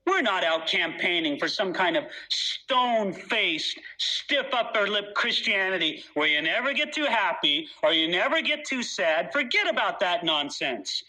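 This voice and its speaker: A man's voice: high voice, very animated, measured pace, hardly any pauses, sharp tone, poor audio. A man preaching a sermon in an earnest, emphatic way, reading scripture aloud with dramatic weight.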